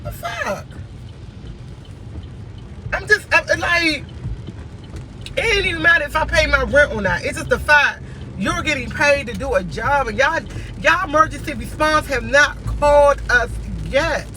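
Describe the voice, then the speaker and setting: High-voiced, exasperated man venting. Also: expressive, moderate pace, sharp tone, rough recording. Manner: exasperated, repetitive ranting. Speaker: vlogger. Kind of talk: casual venting vlog. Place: inside a car.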